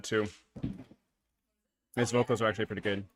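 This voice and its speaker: A man's voice: fairly low pitch, a little fast, fairly bright tone, slight background noise. A man streaming, chatting casually with viewers while gaming, laughing often and using lots of filler words. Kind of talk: casual live-stream chat.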